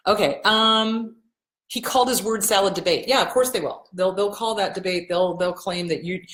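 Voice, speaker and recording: A middle-aged woman hosting a casual live Q&A, blunt and animated, swearing freely and acting out the voices she quotes. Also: fairly low pitch, reverberant. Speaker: host answering viewer questions.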